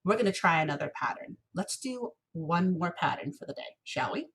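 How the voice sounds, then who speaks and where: A young adult woman leads a children's music lesson from her home office. She speaks into a computer mic, playful and encouraging. She chants rhythm syllables clearly in a teacherly cadence. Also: on the low side, expressive, moderate pace, fairly bright tone.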